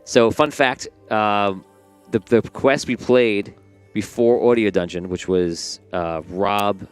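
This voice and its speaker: Brief: low-pitched male game master, loose and rambling, faint music bed. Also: slow, smooth. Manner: rambling, relaxed, with fillers and restarts. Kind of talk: narrating a tabletop game.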